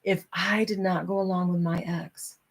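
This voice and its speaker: A woman's voice: on the low side, fairly even intonation, normal speed, gravelly. A middle-aged woman hosting a casual talk, reading from a self-help book and chatting candidly with her viewers.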